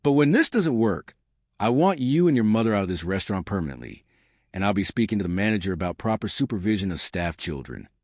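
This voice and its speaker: A man's voice: fairly low pitch, sing-song, fast, darkish tone, no echo, studio quality. A man voicing an arrogant wealthy businessman who talks with barely held-back anger and contempt. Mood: angry. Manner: angry, scornful outbursts.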